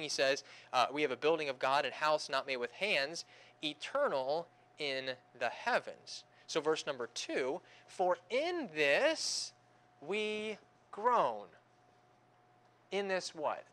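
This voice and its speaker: A man's voice: mid-range voice, pushed and bright. A young male pastor preaching a conversational sermon, with joking asides and acted-out groans.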